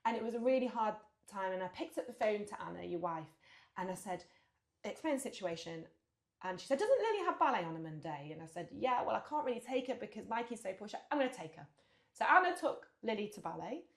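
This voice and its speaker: A woman co-hosting a casual podcast tells stories animatedly, acting out what people said and laughing often. Her mid-range voice is fast and creaky, and the sound is reverberant.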